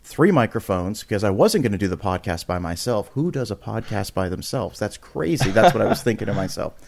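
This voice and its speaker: Talking fairly quickly with a creaky voice, this podcast guest relates a story in a loose, animated way. He frequently starts over and repeats words, voicing quotes with large pitch jumps.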